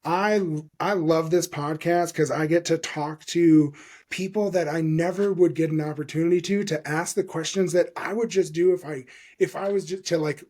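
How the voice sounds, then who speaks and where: A man in his forties hosts a podcast with an excited, rambling delivery full of fillers and swearing. His voice sits a little high for a man, with a mellow, soft-edged tone. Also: normal speed. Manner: enthusiastic, profane, rambling with many fillers. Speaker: podcast host. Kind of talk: casual interview chat.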